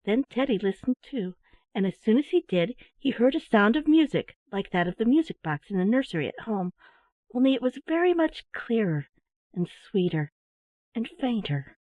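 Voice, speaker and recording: Woman storyteller, gentle, expressive pitch, dry close sound, narrow phone-like tone. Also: normal speed, dry recording. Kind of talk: scripted storybook narration.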